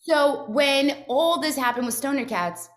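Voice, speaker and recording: A woman co-hosting a casual chat, telling stories with animated quoted voices. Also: sits high, measured pace. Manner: animated storyteller, acts out quotes. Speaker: co-host.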